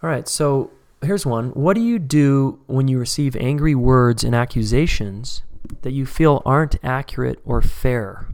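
Guy running a course webinar, casual and chatty, middle pitch, acts out little dialogues. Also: darkish tone. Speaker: course instructor. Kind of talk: live webinar teaching.

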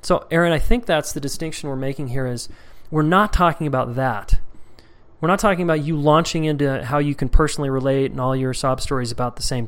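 A man coaching a live group call in a casual, candid way. He reads out members' comments and answers questions. Now and then he acts out short dialogues, and his voice shifts for them. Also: a little high.

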